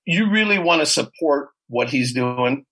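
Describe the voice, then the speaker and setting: Middle-aged guest guitarist, husky voice sitting a bit high, swears freely and tells stories with energy. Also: male voice, unhurried, low-quality recording. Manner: profane, animated storytelling. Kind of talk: casual interview chat.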